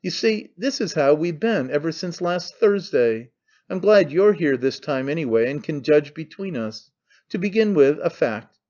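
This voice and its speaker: A man's voice: fairly high pitch, expressive, normal speed, a little mellow, muffled recording, lightly acted. A man voicing a brash young man who mocks his father in an offhand, needling way. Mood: scornful. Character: young man, mocking, cynical, brash son.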